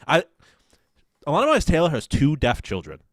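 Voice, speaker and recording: A man's voice: fairly high pitch, wildly swooping pitch, moderate pace, dry recording, clean studio sound. A man co-hosting a casual sports podcast, rambling and swearing with many restarts. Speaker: podcast co-host.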